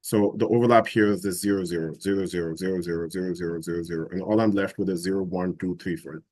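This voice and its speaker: A man teaching a live software class, explaining each step and thinking aloud as he works. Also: low voice, fairly even intonation, racing, no echo. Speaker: instructor.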